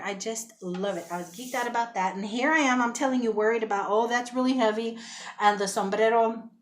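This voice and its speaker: A woman chatting casually to the camera as she shows off a thrift haul, excitable and talkative, calling her viewers y'all. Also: a little high.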